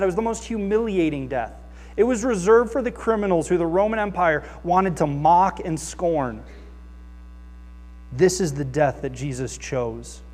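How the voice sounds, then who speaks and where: A man preaching a sermon as pastor, earnest and lively, reading scripture aloud and acting out the voices he quotes. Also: a little high. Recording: long reverb of a large hall.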